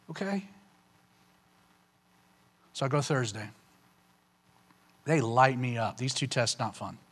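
A man telling a personal faith testimony to an audience, in a casual, conversational way with lots of "you know" and "man", getting animated at the emotional peaks. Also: slow, long pauses, breathy edge. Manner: animated, rising sharply in pitch on emotional punchlines. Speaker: speaker giving a personal testimony.

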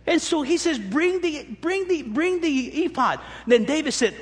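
A man preaching a sermon as pastor, animated, acting out quoted voices with joking asides. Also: very high-pitched, a little slow, few pauses. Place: church sanctuary. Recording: long echo of a large hall.

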